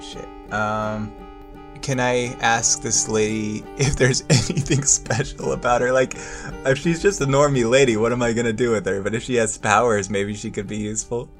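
A man's voice: medium pitch, steady tone, normal speed, soft background music. A man playing a tabletop game, joking and asking many questions. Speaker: player. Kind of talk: casual chat at a game table.

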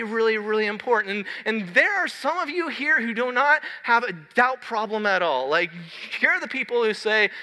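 A man in his thirties preaching a sermon in a large church hall, telling a story in a lively, conversational way. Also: high-pitched. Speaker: pastor. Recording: long hall reverb.

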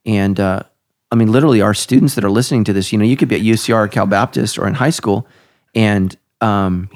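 A middle-aged pastor hosting a podcast talks casually yet emphatically, in a fast, somewhat low, slightly mellow voice. His pitch jumps up to stress his points.

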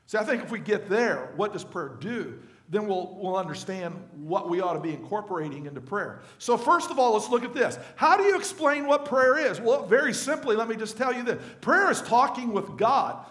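A man's voice: sits high, a bit bright, echoey room. A male pastor giving a conversational sermon to his congregation, often asking them questions. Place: church sanctuary.

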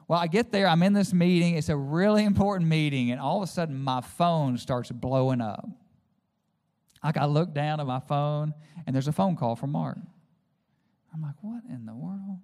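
A man's voice: a little high, fairly even intonation, moderate pace, a little mellow. A male pastor preaching a sermon, mixing personal stories with direct, conversational appeals to the congregation. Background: faint music.

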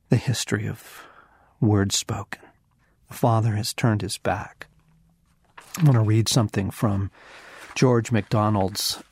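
A man reading scripture aloud and reflecting on it in an earnest, hushed way, slipping at times into a whisper. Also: lowish voice, no echo, clean studio sound. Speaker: devotional teacher.

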